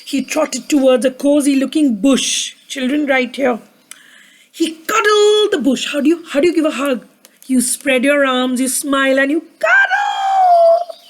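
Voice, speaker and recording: A woman's voice: high voice, steady tone, normal speed, a little hiss or hum, rough recording. A woman with a sore throat reading a picture book aloud to children, asking them to repeat words with her. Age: adult with a daughter. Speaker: storyteller for children.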